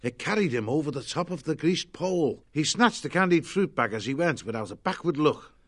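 A man narrating a children's storybook in a lively, expressive way. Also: fairly high pitch, a little fast.

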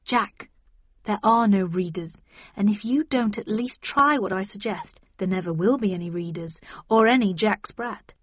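A woman's voice: mid-range voice, normal speed, fairly bright tone, breathy edge, no echo, muffled recording. A woman voicing a level-headed woman agent in an audiobook, firm and coaxing in conversation.

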